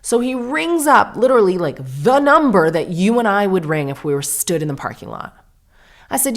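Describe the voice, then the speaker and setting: Speaking at a moderate pace in a medium-pitched, sing-song voice, a woman in her thirties hosts a podcast. She's chatty and makes fun of herself while spinning a long, casual story and performing the characters' lines.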